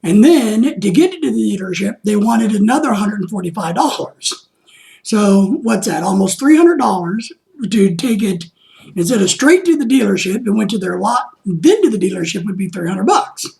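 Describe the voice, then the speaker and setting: Gravelly, animated man telling a story. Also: high voice, normal speed. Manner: animated retelling of phone calls, exasperated. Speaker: vlog host. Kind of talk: casual storytelling vlog.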